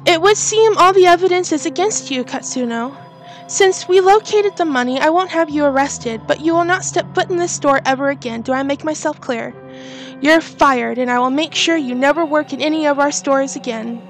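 A woman's voice: sits high, normal speed, faint music behind. A woman voicing a stern male store manager in a horror game, speaking formally and with authority.

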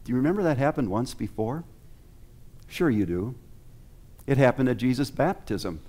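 Male pastor at the pulpit, mid-pitched, earnest, preaches with rhetorical questions to the pews. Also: expressive, moderate pace, a little mellow. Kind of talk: sermon. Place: church sanctuary.

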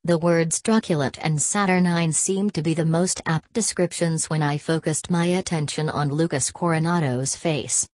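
A woman reading a story aloud as an audiobook narrator, in an even, unhurried way. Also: low-pitched, no room sound.

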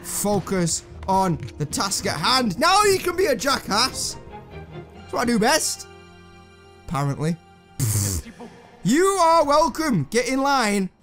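A man's voice: high voice, gravelly, pushed and bright. A young man commentating on a puzzle game, talking to himself and the characters, swearing and mocking himself. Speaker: gameplay commentator. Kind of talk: casual let's-play commentary.

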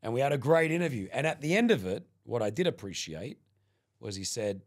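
Man from australia, middle-aged, radio presenter, casual chat, lively storyteller, mid pitch. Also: brisk. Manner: animated anecdote teller, acts out quoted lines. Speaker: radio presenter, podcast guest.

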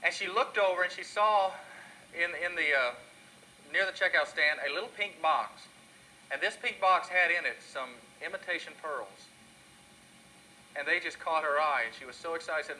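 Male pastor, earnest sermon delivery, very bright tone, slightly high voice. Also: a little fast, a little hiss or hum, low-quality recording.

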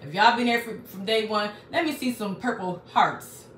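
Hosting a live crafting stream from a small craft room at home, a chatty woman talks straight to her viewers and reads out their comments. Her mid-range voice is a bit bright and moves at a moderate pace, but it sounds roomy and far from the mic, with a faint background hum.

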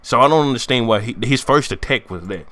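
A man giving excitable, profane, joking commentary on a game trailer from his room. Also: mid-range voice, fast. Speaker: gaming YouTuber. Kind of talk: casual gaming commentary. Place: home room, sitting at a desk chair.

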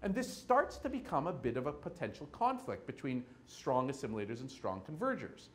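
A man giving a keynote lecture, telling stories and acting out quick scenes between people. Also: medium pitch. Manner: animated, acts out little scenes with quoted voices. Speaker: keynote speaker. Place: lecture hall with audience.

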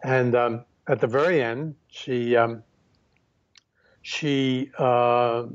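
A man's voice: medium pitch, steady tone, smooth. Man telling stories over a dull recording. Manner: unhurried, many fillers and restarts. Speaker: photographer guest. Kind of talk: reflective storytelling.

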